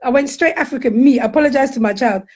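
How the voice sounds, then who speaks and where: Her voice sits high, though the audio sounds dull. This middle-aged woman, a guest counsellor, chats candidly and animatedly, readily performing the quotes in her anecdotes.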